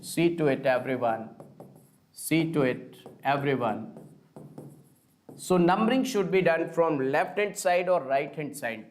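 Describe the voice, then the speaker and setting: Slow-talking male chemistry teacher. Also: fairly high pitch. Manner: slow, repetitive, addresses students as kids. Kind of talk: online live class lecture. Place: online teaching studio.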